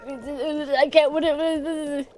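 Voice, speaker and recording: A woman's voice: sits high, fairly even intonation, drawn-out words, darkish tone, a little hiss or hum. A woman streamer chatting casually on a livestream, playful and giggly, rambling as she talks.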